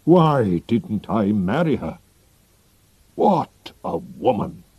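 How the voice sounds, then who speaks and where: A man playing an emotional male king in a storybook reading, with drawn-out, emphatic lines. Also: fairly low pitch, big pitch swings, a little mellow, husky, no room sound, full character voice. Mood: wistful. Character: emotional middle-aged male king, pleading. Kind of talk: audiobook character reading.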